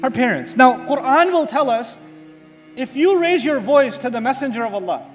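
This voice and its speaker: A man giving an Islamic lecture, telling a story with dramatic pauses and asking the audience rhetorical questions that he then answers himself. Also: very high voice, expressive. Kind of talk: religious lecture. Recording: hall reverb with faint music.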